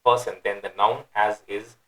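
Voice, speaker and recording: A man teaching the meaning and grammar of a scripture verse, explaining slowly and repeating key words for emphasis. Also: on the low side, fairly even intonation, fairly bright tone, low-quality recording. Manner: recites in melodic chant. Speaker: Quran teacher.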